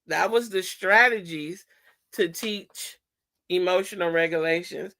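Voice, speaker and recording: Slow, gravelly woman teaching in casual talk. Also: fairly low pitch, bright, forceful tone. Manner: asks the audience rhetorical fill-in questions; restarts and corrects herself mid-sentence. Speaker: podcast host presenting a segment. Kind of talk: informal teaching talk to listeners.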